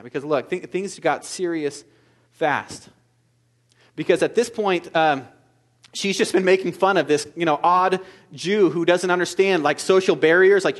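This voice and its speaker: Male pastor, slightly high voice, earnest sermon delivery swinging from hushed to forceful. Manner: earnest, shifts between soft intimate asides and loud emphatic exhortation.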